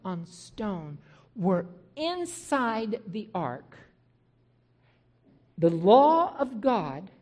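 Lively woman telling her testimony. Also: mid-range voice. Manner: animated storytelling, acting out remembered dialogue. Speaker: Christian minister. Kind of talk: personal testimony sermon.

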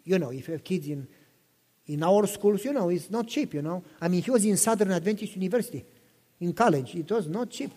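A man's voice: high-pitched, lively intonation, a little fast, mellow, breathy edge. A pastor in his fifties preaching a sermon, telling personal stories with passion, repeating himself and asking listeners questions. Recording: long reverb in a hall.

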